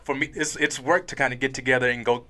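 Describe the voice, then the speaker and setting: A man in his forties co-hosting a casual panel talk, earnest and animated, often laughing as he speaks. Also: mid-range voice, fast. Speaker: podcast co-host.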